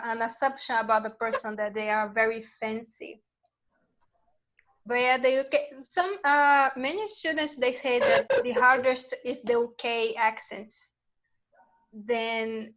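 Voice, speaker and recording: A woman from Brazil, with Portuguese as her first language, chatting in English in an online meeting, hesitant and pausing with fillers. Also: fairly high pitch, sharp tone, dull audio. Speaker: meeting participant. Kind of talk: casual group chat.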